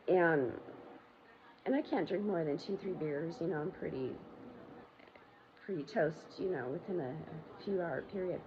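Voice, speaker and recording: On her own show, a host delivers a candid monologue about her life, rambling and blunt, swearing often and leaning on fillers. The recording is muffled and quiet, buried under loud background noise.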